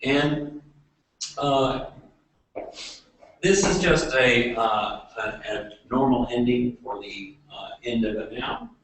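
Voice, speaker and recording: A man giving a classroom lecture, talking haltingly with many fillers and restarts. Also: mid-range voice, fairly bright tone. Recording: echoey room, voice from far off.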